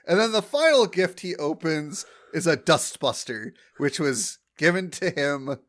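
A man's voice: fairly high pitch, expressive, measured pace, fairly bright tone. A man co-hosting a podcast, recapping an episode in casual chat, rambling with lots of fillers. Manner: rambling, many fillers, acts out quotes. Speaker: podcast co-host.

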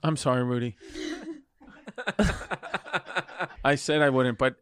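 A man's voice: medium pitch, slow, fairly bright tone, clear, resonant tone. A man co-hosting a casual podcast, teasing his friends and laughing a lot. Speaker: podcast co-host. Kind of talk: casual banter.

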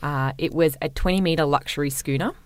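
Low-voiced Australian woman, chatty storyteller. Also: a little fast, dry recording. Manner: chatty, swears freely, laughs often. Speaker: podcast co-host telling a story. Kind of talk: casual chat. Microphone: podcast microphone.

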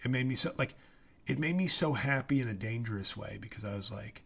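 A man hosting a podcast, telling a comic story in an animated, profane, rambling way. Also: mid-range voice, a little fast, vocal fry, breathy edge. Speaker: comedian and podcast host. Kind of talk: casual comedic monologue.

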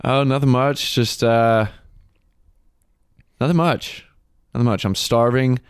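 A man in his twenties co-hosting a podcast, chatting casually, joking and excitable, swearing freely. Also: medium pitch, moderate pace, smooth, dry recording, studio quality. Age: 20s. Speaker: podcast co-host. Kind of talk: casual chat.

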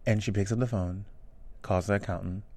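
A man's voice: fairly low pitch, fairly even intonation, fairly quick, a crowd in the background. A man co-hosting a casual chat, blunt and teasing. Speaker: podcast co-host.

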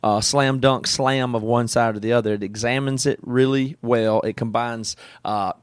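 A man's voice: medium pitch, steady tone, normal speed, smooth, no echo, studio quality. A man co-hosting a podcast, talking steadily in casual chat and a promo read. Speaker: podcast co-host.

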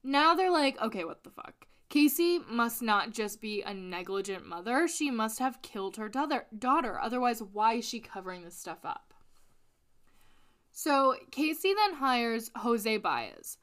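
A woman co-hosting a casual true crime podcast, recounting a case in an animated, sweary way and laughing often. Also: on the high side, a little slow. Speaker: podcast co-host.

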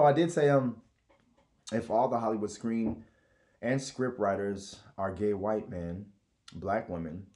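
Profane, rambling man with a lively voice. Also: fairly low pitch. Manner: profane, rambling, mocking impressions. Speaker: podcast host. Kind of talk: casual podcast monologue.

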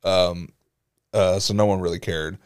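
A man's voice: deep voice, fairly even intonation, measured pace, clear, resonant tone. A man co-hosting a podcast, telling crude, profane school stories in casual chat and laughing as he goes. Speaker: podcast co-host.

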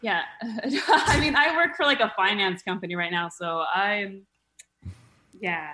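A woman's voice: mid-range voice, a little slow, sharp tone. A woman comedian chatting as a podcast guest, rambling with many "likes" and giggles. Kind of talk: casual podcast chat.

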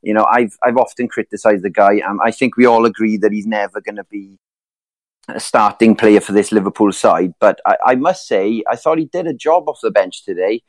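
A man's voice: fairly low pitch, brisk, dry recording. A man co-hosting a football podcast, talking casually in rambling turns full of fillers and restarts. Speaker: podcast co-host.

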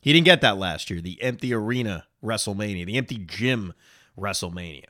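A man's voice: lowish voice, lively intonation, brisk, bright, forceful tone, no echo. Sarcastic man ranting in a dry room. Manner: sarcastic, exasperated rants with rhetorical questions. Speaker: wrestling podcast host. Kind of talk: solo reaction commentary.

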